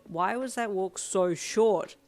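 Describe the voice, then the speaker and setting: A woman with a lowish, fast voice and vocal fry reads a fan fiction audiobook over faint music. She plays an upbeat teenage girlfriend, bright, eager, and playfully teasing with affection.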